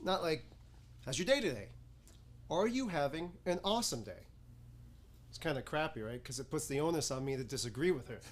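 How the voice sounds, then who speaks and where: A man's voice: fairly high pitch, sing-song, brisk, long pauses. A man playing a dry, sardonic, weary guy. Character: sardonic, weary man venting about his bad day. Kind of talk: stage comedy monologue. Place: acting studio stage before an audience.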